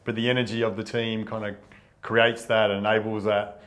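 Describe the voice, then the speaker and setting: A man's voice: fairly low pitch, level tone, moderate pace, a bit bright. Male co-host, easygoing chat, sentences that fade out. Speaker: co-host, bodywork therapist. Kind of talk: casual chat.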